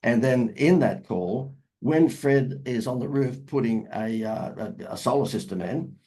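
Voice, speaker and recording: A man's voice: mid-range voice, unhurried, warm tone, rough recording. A man, a marketing expert talking as an interview guest in a salesy, emphatic way that repeats phrases. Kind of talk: casual interview talk.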